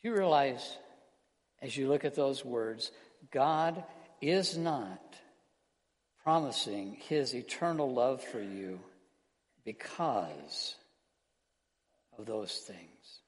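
Man, pastor, earnest sermon, medium pitch, long hall echo. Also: lively intonation. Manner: earnest preaching, slowing and softening on key words.

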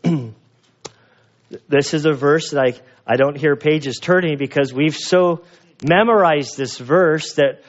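A male pastor preaching a sermon, slow and earnest, often restarting his phrases. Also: on the high side. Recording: dull lo-fi sound.

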